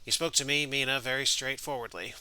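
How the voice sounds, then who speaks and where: A man's voice: mid-range voice, steady tone, fairly quick, sharp tone, smooth, poor audio. A man reading aloud the letters of a gushing young woman from a game, in his own voice.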